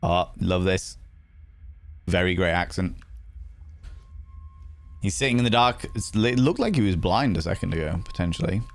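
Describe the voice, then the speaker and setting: A man chats through a let's-play with playful, casual commentary and the odd swear. His voice sits low but jumps up high whenever he is excited. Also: normal speed, gravelly, long pauses. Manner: chatty, playful, swearing, greeting chat. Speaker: streamer.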